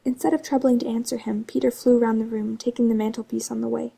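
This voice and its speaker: A woman narrating a classic children's storybook in a soft, hushed voice that drifts into whispers. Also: on the high side, flat delivery, fast talker, creaky, slightly rough. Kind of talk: soft-spoken storybook reading.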